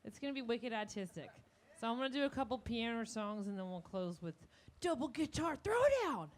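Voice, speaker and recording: Her voice is fairly high and quick as she hosts a music-and-comedy program, a musician making self-deprecating jokes in easygoing banter between songs. A guitar plays behind her.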